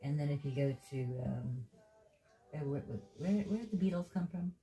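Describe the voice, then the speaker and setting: Low-voiced Japanese woman, playful. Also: normal speed, dark tone, faint music behind, rough recording. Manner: playful, teasing, giggly. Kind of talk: casual chat.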